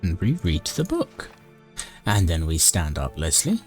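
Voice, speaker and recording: Lowish male gaming narrator, deadpan and mock-dramatic, over soft music. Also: measured pace. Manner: dry, mock-dramatic, talks to his character. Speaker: gaming YouTuber narrating a playthrough. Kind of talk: comedic game commentary and narration.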